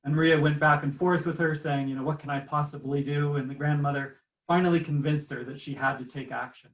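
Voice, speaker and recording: A man's voice: fairly high pitch, fairly even intonation, fairly quick. A man telling a story at an easy pace, using fillers like "uh" and "you know", and at times reading aloud from a book. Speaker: guest speaker. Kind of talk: storytelling lecture. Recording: roomy sound from a distant mic.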